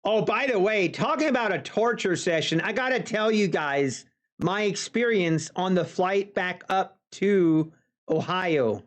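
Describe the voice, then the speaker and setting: A man's voice: high-pitched, a little slow. A man telling a casual story to viewers of his live trading stream, chatty, with folksy asides. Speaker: futures trader streaming live. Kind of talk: casual anecdote on a livestream.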